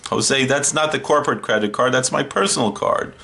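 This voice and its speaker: A man hosting a horror movie show, doing a comedic one-sided phone call in a deadpan, wry way. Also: medium pitch, unhurried, gravelly.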